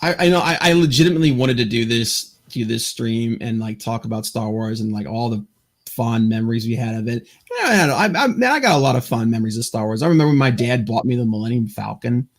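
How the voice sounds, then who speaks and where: A man's voice: medium pitch, a little fast. A man hosting a podcast in casual chat, rambling and stammering through lots of fillers. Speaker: podcast host.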